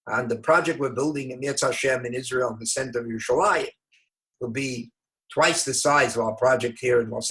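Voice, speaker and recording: Older man, rabbi, interview guest, unhurried storytelling, emphatic. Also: mid-range voice, a bit bright. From New York. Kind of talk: conversational storytelling.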